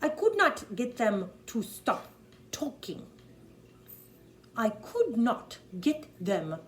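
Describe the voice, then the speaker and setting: A woman putting on a mock German accent to voice a dismissive male psychiatrist, speaking slowly, loudly and in clipped bursts. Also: a little high, sing-song, slight background noise, pitched above the performer's own voice. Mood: exasperated. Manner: slow, loud, clipped and offhand.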